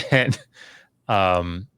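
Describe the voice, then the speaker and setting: A middle-aged scholar appearing as a podcast guest tells a long, casual story full of fillers and restarts, growing livelier whenever he acts out what others said. His low voice is very slow, a bit bright, clear and resonant. The close, dry recording has no echo or room sound.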